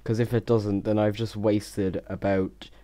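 A man's voice: fairly low pitch, flat delivery, unhurried, mellow. A young man rambling casually as he voices over his game time lapse, stuttering and poking fun at himself. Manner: rambling, stuttering, self-mocking. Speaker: Minecraft YouTuber.

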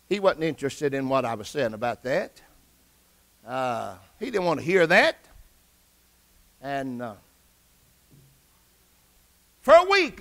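Gravelly, bright-voiced preacher man. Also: high-pitched. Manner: personal testimony, rising to excited outbursts. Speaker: pastor. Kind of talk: sermon.

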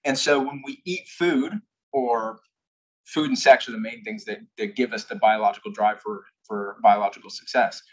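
A man's voice: on the low side, steady tone, normal speed, rough recording. A young man giving an invited talk to a live audience, telling a candid personal story and now and then acting out what people said. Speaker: invited speaker. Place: corporate headquarters presentation room.

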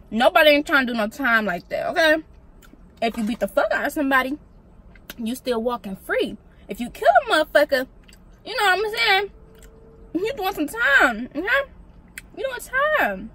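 A woman's voice: on the high side, husky, poor audio. Blunt, profane young woman vlogger eating. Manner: blunt, profane, animated storytelling while eating. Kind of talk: casual mukbang chat. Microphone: vlog camera.

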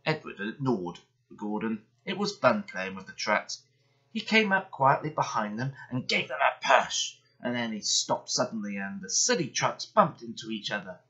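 A man's voice: medium pitch, normal speed. Man reading a bedtime story, lo-fi. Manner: gentle, expressive reading. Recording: dull lo-fi sound.

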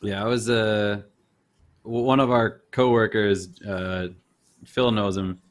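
Guy hosting a chat show, laughs a lot, talks easy and animated. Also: on the low side, slow. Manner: chatty, laughs often, animated. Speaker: podcast host. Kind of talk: casual chat.

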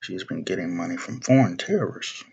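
A man's voice: deep voice, lively intonation, fast talker, creaky, darkish tone, husky, dull audio. A young man ranting to camera, blunt and profane, often circling back and restarting his phrases. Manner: repeats himself, restarts phrases. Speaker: video blogger. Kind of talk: political rant to camera.

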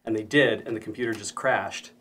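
A man's voice: on the low side, fairly quick, a bit bright, slight background noise. A man telling a casual anecdote on a stream and quoting the people in it. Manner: storytelling, quotes people in the story.

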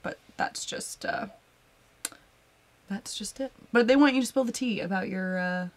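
A woman's voice: mid-range voice, a little slow. A woman co-hosting a live whiskey show, chatting casually and reading out viewer comments. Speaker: podcast co-host.

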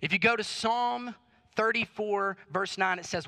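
A man's voice: high voice, a little slow, pushed and bright. A man preaching a sermon as pastor, emphatic, with repeated rhetorical questions. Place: church auditorium.

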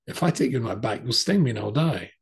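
A man's voice: mid-range voice, expressive, fast, vocal fry, slightly rough, full character voice. A man voicing a wary, plain-spoken male frog in a spoken parable, close to his own voice.

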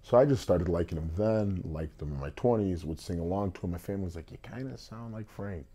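A man, a singer telling his life story in a casual, animated interview. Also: low-pitched, quick pace, husky. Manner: animated storyteller, acts out quotes.

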